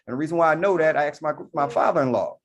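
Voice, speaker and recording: A middle-aged man co-hosting a casual sports chat, telling stories with animated, loud bursts. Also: a little high, very fast. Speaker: podcast co-host.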